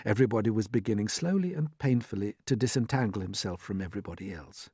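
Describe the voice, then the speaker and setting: A narrator reading a children's storybook aloud in an expressive, swooping storytelling manner. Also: mid-range voice, fairly quick, hardly any pauses, slightly rough, no room sound, studio quality. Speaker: audiobook narrator.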